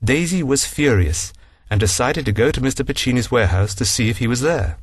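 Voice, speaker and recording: A man's voice: mid-range voice, animated, brisk, slightly rough, no echo, studio quality. A man narrating a scripted story and announcing numbered sections. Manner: reads numbered sections aloud.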